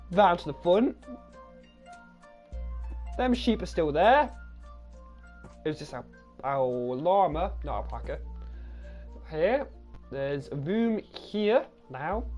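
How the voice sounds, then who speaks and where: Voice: mid-range voice, a little mellow. A gaming channel host, giving a casual, rambling tour of a game world, correcting themselves and repeating the same praise.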